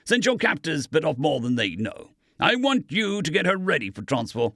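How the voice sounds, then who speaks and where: This is a furry alien soldier, voiced by a man, menacing and blunt. He growls his questions in a raised, lively pitch. It comes across dry and close, as an audiobook character. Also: normal speed, no room sound, exaggerated voice. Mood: gruff. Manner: growling, gruff interrogation.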